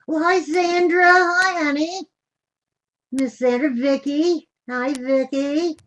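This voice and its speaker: A woman's voice: high-pitched, fairly even intonation, slow pace, a bit bright. Chatty older woman hosting a craft stream. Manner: chatty and homey, greets viewers with endearments. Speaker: craft show host. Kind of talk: live-streamed craft demonstration.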